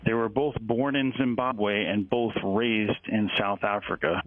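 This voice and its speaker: A man with a lowish voice speaks as an author guest, halting and restarting his sentences. His voice comes through a thin, tinny phone line. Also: steady tone, dry recording. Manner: halting, many fillers and restarts. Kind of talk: phone-in interview.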